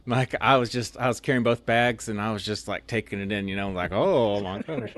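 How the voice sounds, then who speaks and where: A young officer candidate from Oklahoma, USA, appearing as an interview guest, talks fast in a fairly low, steady, slightly bright voice with no echo. He casually tells a rambling story full of "like" and restarts.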